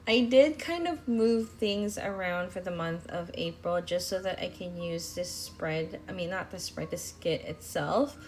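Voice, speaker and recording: A woman's voice: on the low side, slight background noise. A young woman talking casually in a voice-over about her planner spreads, rambling with fillers and restarts. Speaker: planner vlogger.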